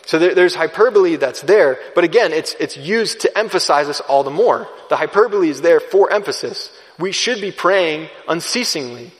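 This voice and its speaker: A man preaching a sermon in a church, earnest and measured, sometimes restarting his words. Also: a little high, animated, in a large hall. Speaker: pastor. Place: church sanctuary.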